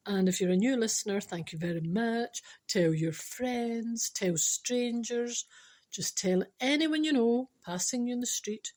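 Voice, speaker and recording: A woman's voice: a little high, measured pace, a little mellow. A middle-aged Scottish woman hosting her spiritual podcast, chatting playfully and mocking herself, sometimes dropping into whispered asides. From Scotland. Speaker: podcast host.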